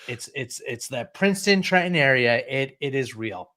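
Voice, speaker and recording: A man from Central New Jersey hosting a live webinar over a video call, energetic and playful, often restarting his words. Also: medium pitch, normal speed. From Central New Jersey, USA. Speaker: webinar host.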